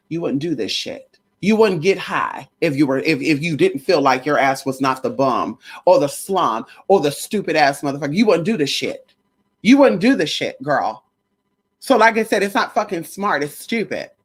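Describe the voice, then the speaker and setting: A woman vlogger ranting to her viewers in a casual, profane, emphatic way, sometimes slipping into a preachy, sermon-like tone. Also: lowish voice. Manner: profane, emphatic, animated storytelling. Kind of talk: casual rant to camera.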